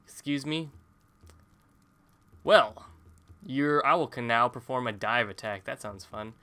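A man's voice: medium pitch, slow, sharp tone. A man casually commentating his own gameplay, rambling with jokey self-mocking asides. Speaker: gaming YouTuber. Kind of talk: casual let's-play commentary.

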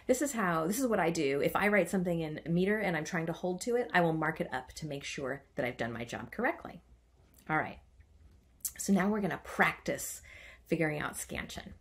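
A woman's voice: on the low side, lively intonation, moderate pace. A woman teaching a writing workshop. She chants the stressed beats aloud and adds playful, self-mocking asides. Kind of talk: online writing lesson.

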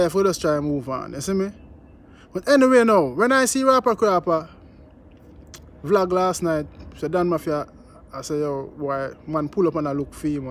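Jamaican man vlogging, slightly high voice. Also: a little mellow, slight background noise. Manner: repetitive, peppered with "you know what I mean". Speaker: news vlogger. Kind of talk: casual commentary vlog.

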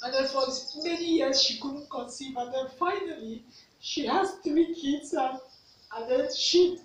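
A woman's voice: high voice, unhurried. A Nigerian woman vlogger telling a personal story, earnest, repeating herself for emphasis. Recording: echoey room, mic at a distance, faint noise.

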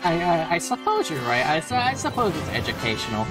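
Stammering, flustered woman with a lively voice. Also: deep voice, fairly quick, over music. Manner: stammering, flustered, repeats words. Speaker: podcast co-host. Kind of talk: comedic vtuber podcast banter.

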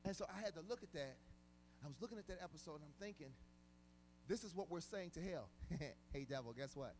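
A male pastor delivering a sermon in a fairly high voice. He preaches emphatically, hammering on repeated words and moving between hushed asides and loud shouts. His speech is casual and colloquial. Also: fairly quick, slight background noise.

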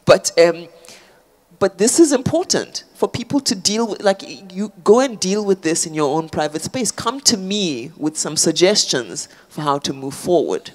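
A woman talks through an idea in front of an audience. She works her way toward each point with ums and restarted phrases, in a measured, reflective way. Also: on the low side, expressive. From South Africa. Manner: thoughtful, frequent fillers and restarts. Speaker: author guest. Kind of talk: public conversation on stage.

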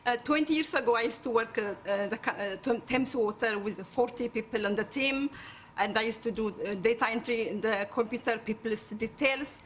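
Bright-voiced Ethiopian-accented woman. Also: fairly high pitch, slight background noise. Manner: halting, laughing storytelling. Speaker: cafe owner, audience member.

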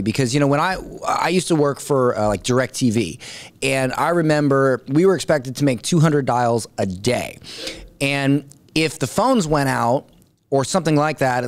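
A man hosting a podcast, asking relaxed, rambling questions backed by his own anecdotes. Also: medium pitch, smooth, dry recording. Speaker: podcast host. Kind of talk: conversational interview questions.

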